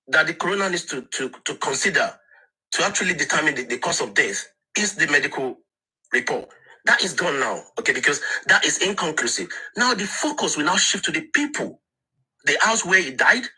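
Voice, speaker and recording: A man's voice: high-pitched, pushed and bright, husky, rough recording. A man speaking on an online discussion panel, emphatic and insistent, often repeating words as he restarts.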